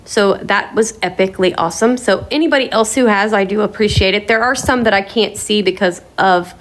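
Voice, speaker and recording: A woman's voice: medium pitch, brisk, fairly bright tone, a little hiss or hum. A woman hosting a casual sit-down vlog from her home kitchen, talking in a bubbly, enthusiastic, chatty way. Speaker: vlog host.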